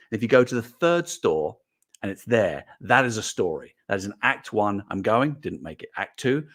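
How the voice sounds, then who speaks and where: A middle-aged man with a fairly low voice hosts a relaxed livestream. He chats loosely and reads out viewer comments as he goes. His talk runs in long, animated stories. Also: moderate pace. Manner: animated, rambling storyteller. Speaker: host. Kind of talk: casual livestream chat reading comments.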